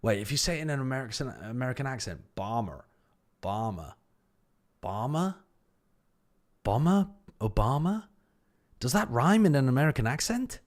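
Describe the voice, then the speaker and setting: A man's voice: mid-range voice, animated, quick pace, hardly any pauses. A man hosting a casual livestream, thinking aloud as he works a word puzzle, repeating words under his breath and swearing casually. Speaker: stream host.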